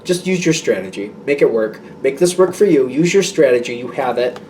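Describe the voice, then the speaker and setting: A man's voice: medium pitch, lively intonation, fairly quick, darkish tone, recorded from a distance, a little hiss or hum. A man giving a casual tarot reading to his viewers, rambling and reassuring, with many fillers and restarts. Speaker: tarot reader.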